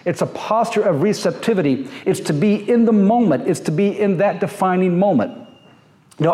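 Male preacher, somewhat high-pitched, reflective sermon built on repeated short phrases, big hall reverb. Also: a little mellow. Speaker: pastor. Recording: long reverb of a large hall.

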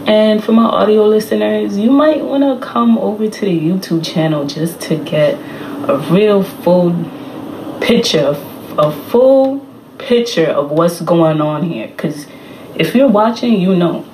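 A woman host opening her show with a slow, drawn-out welcome to her listeners. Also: medium pitch, lively intonation. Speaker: podcast host. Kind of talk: show intro. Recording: roomy echo with faint background hiss.

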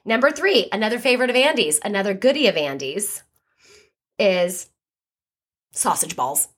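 A woman's voice: mid-range voice, animated, moderate pace. A woman co-hosting a podcast, chatty, reading list items out with a playful flourish. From American South. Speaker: podcast co-host. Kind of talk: casual chat, reading out a list.

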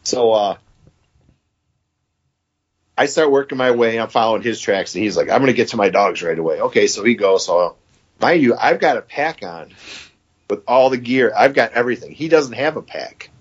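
A man's voice: medium pitch, lively intonation, moderate pace, long pauses, husky, highs cut off. A man in his fifties from Michigan, a podcast guest telling a long story in a rambling, casual way and quoting what others said. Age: 50s. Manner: rambling, quotes others with "he goes".

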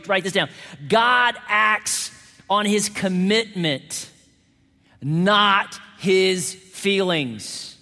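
A male pastor delivering a dynamic sermon, moving between hushed, quiet passages and loud, emphatic exclamations. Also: sits high, very slow. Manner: dynamic preaching, swings from hushed to shouting. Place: church sanctuary. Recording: hall reverb.

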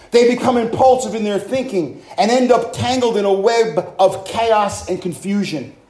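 A man's voice: high-pitched, expressive, measured pace, darkish tone. A male pastor preaching a fervent sermon, with frequent hallelujahs and rhetorical questions to the congregation. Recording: roomy, echoing room.

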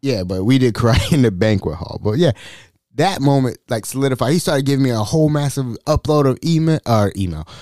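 A man's voice: mid-range voice, brisk, no room sound, soft background music. A man in his thirties hosting a podcast, telling a story in casual chat and acting out each quote in voices. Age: 30s. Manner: animated, acts out every quote in voices. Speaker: podcast host.

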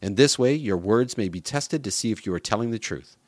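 Man doing a harsh commanding ruler, low stern voice, dry close sound. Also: lively intonation, brisk, no room sound. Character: stern powerful male ruler testing his brothers.

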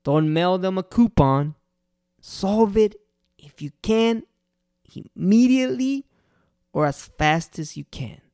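A restaurant owner walks through how to handle unhappy customers, earnest and repeating each key point for emphasis. The voice is gravelly, with a rough fry in it. The recording is dry and close, with no room sound. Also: mid-range voice, expressive, slow pace, darkish tone, dry recording. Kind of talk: casual customer-service advice talk.

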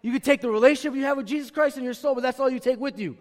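A man with a high voice preaching a sermon, calling on the congregation to answer back and drumming in his main lines by saying them again and again. His voice rings out with a long reverb, as if he is in a big church sanctuary. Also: racing. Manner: call-and-response with the congregation; emphatic, repeats key phrases. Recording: long reverb of a large room.

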